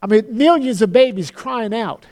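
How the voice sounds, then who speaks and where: A man preaching a sermon, earnest, slowing down to quote scripture solemnly and often repeating words as he starts a phrase. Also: sits high, lively intonation, darkish tone.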